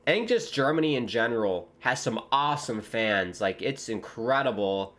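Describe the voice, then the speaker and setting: A young American man, a streamer commentating live on a football match with viewers, bursting into loud exclamations at big moments. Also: medium pitch, expressive, normal speed. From United States. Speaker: watchalong streamer.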